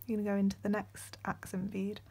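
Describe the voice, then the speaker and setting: Hosting a step-by-step beading tutorial, a young woman speaks softly, often whispering, with frequent ums. Her mid-range voice is completely flat yet brisk, with vocal fry and a breathy edge.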